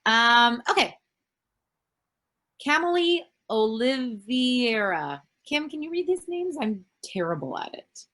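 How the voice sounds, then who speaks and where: A woman's voice: a little high, big pitch swings, slow pace, bright, forceful tone. A woman in her thirties from Canada, an actress answering fan questions in a casual virtual panel over a video call, rambling with lots of fillers and the odd swear word.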